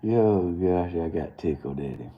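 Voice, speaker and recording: Low-pitched, with lively intonation and a measured pace, a young Southern host from Georgia talks on his live morning stream over dull audio. His story rambles along casually, punctuated by frequent laughter.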